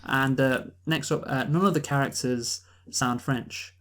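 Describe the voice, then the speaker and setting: A man co-hosting a casual movie review podcast, halting with fillers and dry sarcasm. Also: mid-range voice, fairly even intonation, fairly bright tone. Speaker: podcast co-host.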